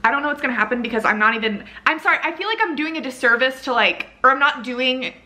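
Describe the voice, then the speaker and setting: A woman chatting casually in a reading vlog, rambling and gushing excitedly, with the odd curse word. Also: sits high, quick pace. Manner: swears casually. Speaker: book vlogger.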